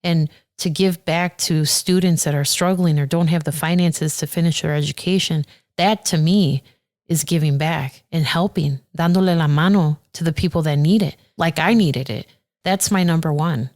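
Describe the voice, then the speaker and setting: A woman who is a circuit judge, talking earnestly and warmly as a podcast guest, getting animated when she quotes people. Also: low voice, moderate pace. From Aurora, Illinois. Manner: earnest and heartfelt, animated when quoting others. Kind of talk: casual interview conversation.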